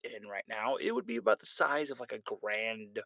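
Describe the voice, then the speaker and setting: Man, game master narrating a tabletop horror campaign, bright crisp voice, dry close mic, rambling and animated. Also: on the low side, normal speed, no room sound, low-quality recording. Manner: rambling, animated, self-correcting.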